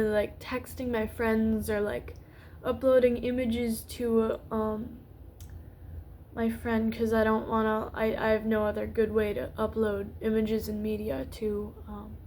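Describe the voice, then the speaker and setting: A young woman talking slowly in a casual vlog, her voice a little high and starting to go hoarse. She rambles, trails off and restarts her sentences with lots of fillers. Faint noise hums behind her. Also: darkish tone. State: losing her voice. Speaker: YouTuber. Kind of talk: rambling unscripted vlog talk.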